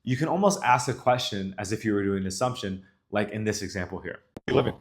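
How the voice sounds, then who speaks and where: Low-voiced man coaching on dating. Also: fast. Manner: casual, coaching, explains calmly. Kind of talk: instructional talk to camera.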